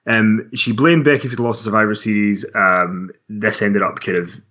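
A man's voice: lowish voice, fairly even intonation, moderate pace, pushed and bright. A man co-hosting a wrestling podcast in casual chat, rambling and self-mocking with frequent laughs. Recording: dull lo-fi sound.

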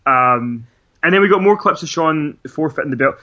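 Guy rambling on a podcast, bright forceful voice, kinda muffled lo-fi sound. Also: a little high, animated, moderate pace. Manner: rambling, laughs often, restarts. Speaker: podcast co-host. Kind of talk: casual chat recapping wrestling. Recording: dull lo-fi sound.

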